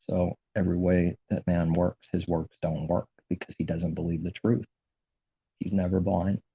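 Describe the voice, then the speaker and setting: A low, gravelly man preaches in an indignant, repetitive monologue. His voice is dark and husky, and the recording sounds dull and lo-fi. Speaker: religious commentator. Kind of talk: impassioned religious monologue.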